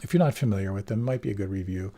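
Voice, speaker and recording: Middle-aged guy giving a meditation talk, low gravelly voice, soft and unhurried, lots of restarts. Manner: gentle, unhurried, with many restarts. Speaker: meditation teacher. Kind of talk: dharma talk.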